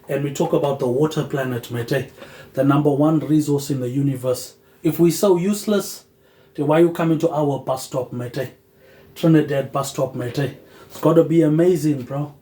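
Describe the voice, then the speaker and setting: Guy rambling on about whatever, keeps tacking a mumbled "mate" on the end, roomy echo. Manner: tacks a low, quiet "mate" onto the end of phrases; drifting, loosely connected talk with "um" pauses. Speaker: podcast host. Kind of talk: rambling solo monologue.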